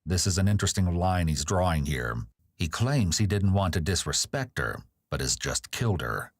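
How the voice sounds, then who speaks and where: A man's voice: sits low, big pitch swings, normal speed, dry recording, clean studio sound. A man giving scripted true-crime narration, analytical and critical as he picks apart a confession.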